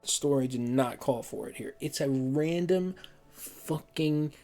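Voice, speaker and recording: A man's voice: fairly high pitch, unhurried, mellow, faint music behind. A man streaming a heated game review, ranting and swearing often, repeating words in frustration.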